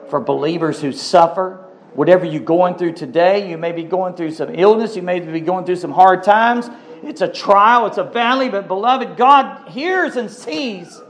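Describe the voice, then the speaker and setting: A man's voice: fairly high pitch, slight background noise. A middle-aged man preaching a sermon as pastor, pleading and swinging between rising and falling lines with repeated questions.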